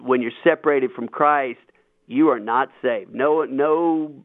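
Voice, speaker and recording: A man hosting a radio talk show, explaining Bible passages in an animated, emphatic way. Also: medium pitch, slow pace, dry recording. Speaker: radio host. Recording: tinny phone-like line, dry.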